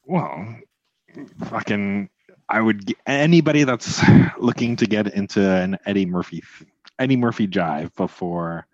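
A man co-hosting a casual movie podcast, relaxed and matter-of-fact. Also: on the low side, unhurried, no room sound, muffled recording. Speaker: podcast co-host.

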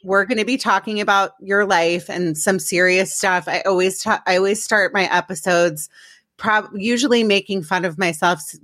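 A woman's voice: on the low side, a bit bright, no echo. A woman hosting a podcast, chatting casually and making fun of herself in a rambling way. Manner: chatty, rambling, self-mocking. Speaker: podcast host. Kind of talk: casual self-deprecating chat.

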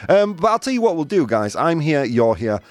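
A male radio host doing live banter, energetic and chatty, laughing often and a bit out of breath. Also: on the high side, brisk. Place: radio studio.

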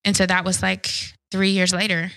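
A woman in an interview, speaking candidly and reflectively about her past, often pausing and restarting her sentences. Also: mid-range voice, level tone, gravelly, a bit bright, rough recording. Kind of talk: personal testimony interview.

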